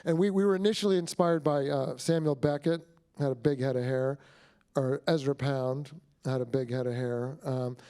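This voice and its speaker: A man's voice: mid-range voice, steady tone, moderate pace, dark tone, smooth. A middle-aged man, a film director, talking about his work at a screening Q&A, rambling and effusive with many restarts. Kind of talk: Q&A talk after a screening.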